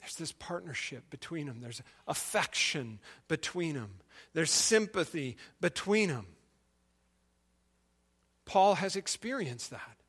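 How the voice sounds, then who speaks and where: A man's voice: fairly high pitch, lively intonation, slow, fairly bright tone, husky. A male preacher giving a sermon, retelling a story and asking the listeners questions.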